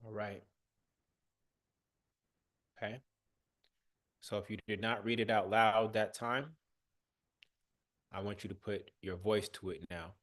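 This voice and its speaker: A man's voice: lowish voice, fairly even intonation, takes it slowly, long pauses, a bit bright, no room sound, studio quality. A man hosting a live online coaching session, giving direct, coaxing instructions with casual slang. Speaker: workshop host.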